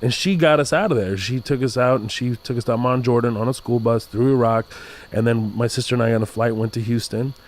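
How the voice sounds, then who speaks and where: A man from Texas chatting as a podcast guest, animated and quick to laugh. His voice sits at a middling pitch for a man, and he slides into put-on accents as he tells stories. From Texas, USA. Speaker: comedian guest. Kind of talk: casual podcast chat.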